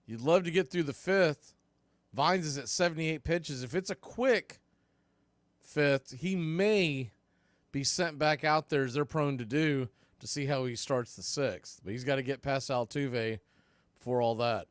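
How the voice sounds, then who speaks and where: Clear-voiced man calling baseball play-by-play. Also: mid-range voice, unhurried, no echo. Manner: excitable calls, conversational asides. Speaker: play-by-play announcer.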